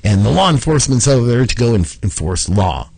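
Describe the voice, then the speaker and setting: A man hosting a talk show, telling a long story in a rambling, animated way with lots of repeats. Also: medium pitch, brisk, gravelly, husky, no room sound, poor audio. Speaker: show host.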